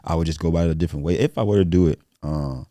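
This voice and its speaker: A man with a very deep, dark voice who talks fast and earnestly as a guest on a podcast. He repeats his points to drive them home, and the recording is dry and close. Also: no room sound. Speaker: guest entrepreneur. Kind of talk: casual podcast interview.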